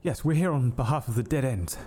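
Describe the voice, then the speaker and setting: A man's voice: mid-range voice, animated, fairly quick, warm tone, husky. A man voicing his character in a tabletop game, talking in a flustered, rambling, formal way. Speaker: player.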